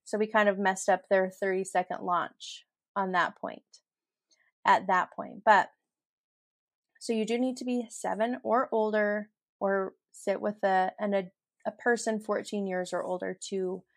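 A woman's voice: mid-range voice, steady tone, a little slow, creaky, no room sound. Giggly chatty woman podcaster, dry sound. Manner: chatty and giggly, laughs through her stories. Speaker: podcast host. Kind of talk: casual solo podcast storytelling.

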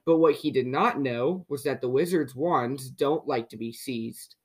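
A podcast host reading a picture book aloud to children in a lively way, often asking the listener questions. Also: mid-range voice, a little slow, breathy edge. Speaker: children's story reader.

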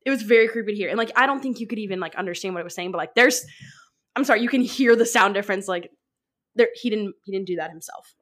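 A woman co-hosting a podcast in casual chat, rambling and excitable, filling her talk with "like.". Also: mid-range voice, quick pace. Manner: rambling, fills with "like"; excitable, laughs often. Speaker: podcast co-host.

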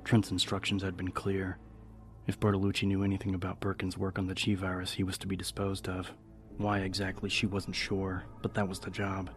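A man narrating a horror story in a steady, even audiobook style. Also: deep voice, brisk. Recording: music bed under the narration.

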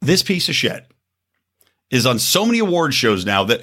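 A man's voice: mid-range voice, sing-song, normal speed, bright, forceful tone. A male podcast host with a scratchy throat, ranting in angry, profane, sarcastic political commentary.

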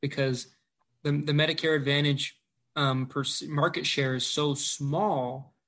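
A man's voice: on the high side, fairly even intonation, unhurried, a bit bright. Hesitant man, an insurance agent guest. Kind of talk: casual chat.

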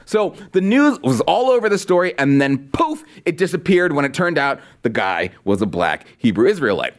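A man hosting a political commentary podcast, talking in a sarcastic, mocking, animated way. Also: fairly high pitch. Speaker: podcast host.

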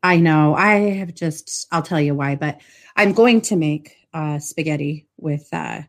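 An American woman with a deep voice co-hosts a live podcast stream at a measured pace. She chats casually, laughs often, and trails off into fillers.

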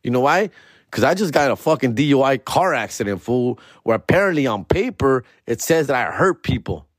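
A man's voice: medium pitch, big pitch swings, fairly quick, dry recording, studio quality. A young man, a podcast host telling a story in casual, profane slang mixed with Spanish.

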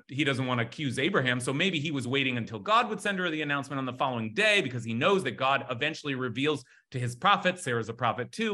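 A man teaching a lively text study class, talking excitedly with frequent restarts. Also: on the high side.

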